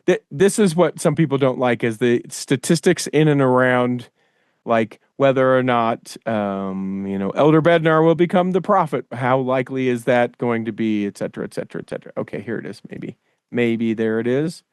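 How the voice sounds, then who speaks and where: Male podcast host, smooth clear voice, dry close sound, casual and rambling. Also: medium pitch, normal speed, no echo. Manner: rambling, thinks aloud with many fillers. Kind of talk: casual chat.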